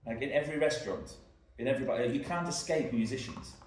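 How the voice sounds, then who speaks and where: Talking fast and animatedly, a man co-hosting a podcast spins loose travel stories littered with "likes" and "ums." His medium-pitched voice is a little mellow, and the distant mic in an echoey room picks up a little hiss or hum.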